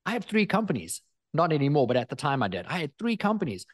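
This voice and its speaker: A man's voice: on the high side, sing-song, fast, dry recording. Earnest motivational man, dry sound. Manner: earnest, emphatic, repeats phrases for effect. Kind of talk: motivational storytelling.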